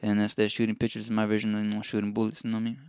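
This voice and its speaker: A man with a smooth, clear voice and a fairly low pitch speaks reflectively in casual chat, often checking in with his listener. The sound is dry. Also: completely flat delivery, very fast, a little mellow, dry recording. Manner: reflective, tags sentences with "you know what I mean". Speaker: podcast co-host.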